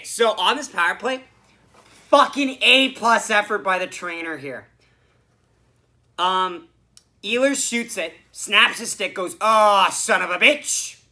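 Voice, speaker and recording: A young man co-hosting a podcast, recapping a hockey game in rambling, profane casual chat. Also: high-pitched. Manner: rambling, profane, swings from mumbling to shouting. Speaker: podcast co-host.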